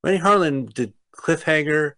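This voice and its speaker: A man's voice: fairly high pitch, normal speed, pushed and bright. A man co-hosting a radio show who rambles casually and wryly through movie trivia. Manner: rambling, wry, trivia-minded. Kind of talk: casual movie commentary chat.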